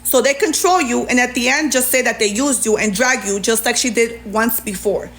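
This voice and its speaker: A woman livestreamer venting to her chat in a sassy, animated way. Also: fairly high pitch, moderate pace. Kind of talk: venting on a live stream.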